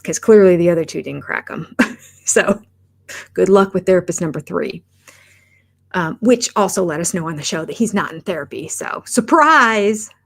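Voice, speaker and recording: Here a middle-aged woman chats casually on a live stream about reality TV, speaking at normal speed in a lowish, gravelly voice with lively intonation. Candid and talkative, she breaks off partway through sentences and laughs at herself.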